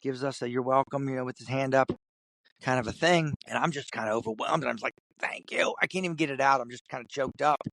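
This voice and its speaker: A man guest in an interview, from Kentucky, telling a story in an animated way and putting on the voices of the people in it. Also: mid-range voice, fast talker, no room sound. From Kentucky, USA. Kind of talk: storytelling in conversation.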